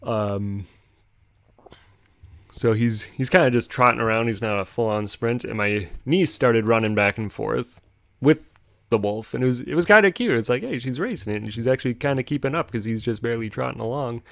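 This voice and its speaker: A man's voice: medium pitch, moderate pace, vocal fry, a bit bright, no room sound, studio quality. A young man casually telling a rambling story on a podcast, chuckling as he goes. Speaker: podcast host.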